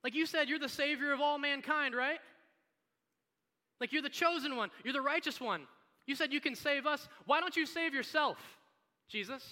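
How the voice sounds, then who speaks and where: A preacher putting on a jeering, mocking bystander. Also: male voice, extremely high pitch, moderate pace, bright, forceful tone, pitched above the performer's own voice, heavily acted. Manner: taunting, sarcastic. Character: jeering crowd of men mocking a crucified man. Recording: long hall reverb.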